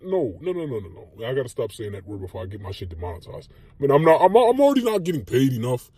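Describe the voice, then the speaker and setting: A man's voice: fast talker, breathy edge, no echo. A young man from Minnesota giving a loose, profane comedy monologue as a YouTuber. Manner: loose, slangy and profane, animated swings in pitch.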